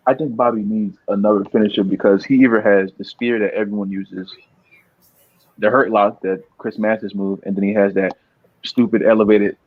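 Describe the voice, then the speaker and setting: A man's voice: on the low side, steady tone, normal speed, no room sound. A young man talking as a podcast guest in casual chat, rambling and repeating words, laughing often. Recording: dull, muffled dry sound.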